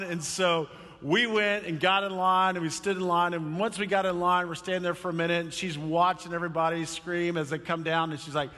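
A male pastor preaching a sermon in church, telling a story with lively energy and acting out quoted voices. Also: high voice, moderate pace, big-room sound.

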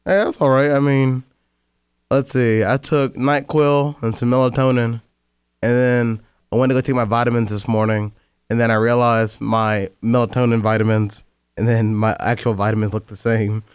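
A man's voice: medium pitch, normal speed, clear, resonant tone, no echo. A young man hosting a college sports radio show, joking casually with his co-hosts in the studio. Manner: animated, sing-song intro delivery. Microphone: studio microphone.

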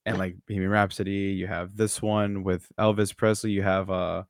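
A man on a podcast panel with a fairly low voice, recorded dry with no room sound. He talks haltingly, pausing often as he hunts for his words. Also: level tone, no echo. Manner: halting, full of "uh" and restarts. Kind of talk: casual chat.

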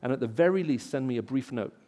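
A man with an English accent, raised in the Middle East, preaching a sermon in an auditorium and telling stories, rising loud for emphasis. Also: medium pitch, animated, fast, long reverb tail. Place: large auditorium.

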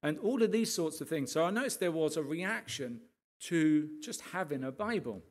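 A man, a pastor, telling his testimony to a congregation as a lively storyteller who keeps checking in with his listeners. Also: fairly high pitch, normal speed.

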